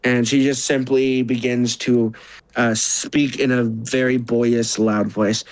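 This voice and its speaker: A man running a tabletop session as game master. He narrates loosely, with many fillers and quick self-corrections. His voice sits at a middle pitch and sounds dry and close. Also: steady tone, dry recording, poor audio.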